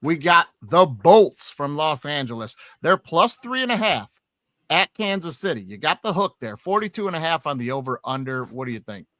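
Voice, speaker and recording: Bright-voiced male sports podcast host. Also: a little high, normal speed, no room sound, studio quality. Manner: animated, swears when excited. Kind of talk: casual sports betting chat.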